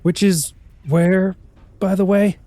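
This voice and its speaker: Picture a shifty dwarf stowaway in a tabletop game, stammering and evasive, his voice pushed a little higher than normal, as a man puts him on. He sounds close and dry, with nothing around him. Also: fairly even intonation, slow pace, warm tone, no echo. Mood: anxious.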